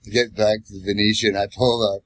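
A man's voice: lowish voice, fast, dry recording. A man telling a wild cab-driving story in casual, profane chat, acting out the voices of the people in it. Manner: profane, animated, acts out voices in his stories. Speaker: podcast co-host, former cab driver.

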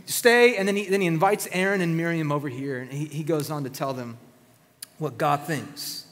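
A male pastor delivering an animated, conversational sermon with plenty of emphasis. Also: on the high side, a little fast, big-room sound.

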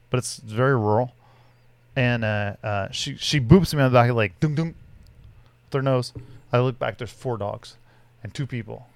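A man's voice: medium pitch, no echo. Man, podcast co-host, profane, rambling, dry close sound. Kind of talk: casual chat.

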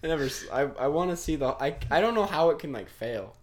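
A man's voice: fairly high pitch, animated, brisk. A young man hosting a casual podcast chat, rambling and trailing off, laughing often. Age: young adult. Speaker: podcast host.

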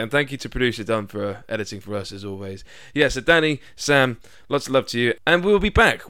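A man's voice: mid-range voice, lively intonation, fairly quick, few pauses, music in the background. A man hosting a casual football podcast, chatty and enthusiastic, with frequent fillers and restarts. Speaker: podcast host.

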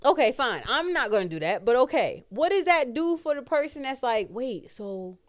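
A woman's voice: high-pitched, big pitch swings, fairly quick, no room sound. A woman hosting a podcast in casual chat, ranting bluntly and emphatically with heavy swearing. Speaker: podcast host.

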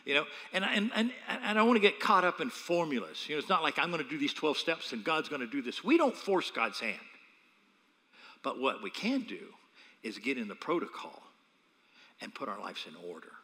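A man, a pastor, preaching a sermon with animated, humorous storytelling. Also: fairly high pitch, fairly quick, big-room sound.

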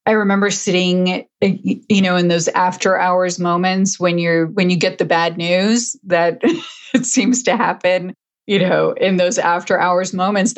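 A middle-aged woman, an interview guest, telling her story conversationally with frequent restarts. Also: fairly low pitch. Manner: frequent restarts, emotional at moments.

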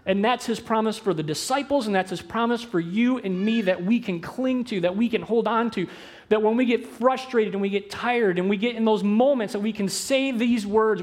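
A man preaching a sermon as pastor, animated, moving between loud emphasis and hushed, slow phrases. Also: sits high. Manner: quick asides mixed with slow, drawn-out phrases.

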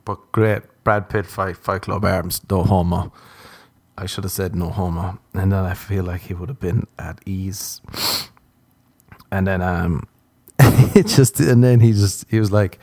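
An Irish man in a podcast-style recording, telling a comic story in a low, warm, mellow voice. He acts out each exchange and laughs as he goes. The sound is close and dry. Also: normal speed, no echo. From Ireland. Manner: animated, acts out dialogue with frequent laughter. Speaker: podcast host. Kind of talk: casual comedic storytelling.

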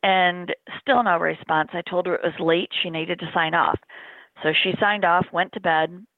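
Low-voiced middle-aged woman on a tinny line. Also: steady tone, normal speed, no room sound. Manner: earnest, plain-spoken storytelling, often in the present tense. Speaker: interview guest, bereaved mother. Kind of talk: personal account in an interview. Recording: dry, phone-like narrow sound.

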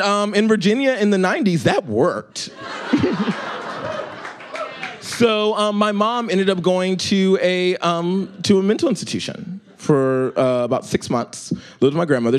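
A man in his twenties telling a comic story, profane and rambling, with many fillers. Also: moderate pace. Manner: jumps up high for emphasis, drops low and quiet for quotes.

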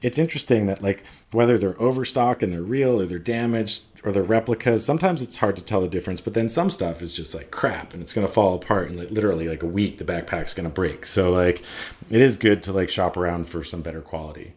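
A man in his forties co-hosting a podcast, telling travel stories in a relaxed, casual way with many fillers and restarts. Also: low-pitched, fast talker. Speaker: podcast co-host.

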